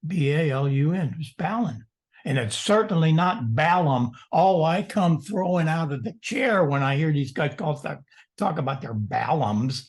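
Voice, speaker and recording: An older man, the guest presenter, answering questions on a video call in an animated storytelling way with mock-indignant asides. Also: fairly high pitch, unhurried, husky.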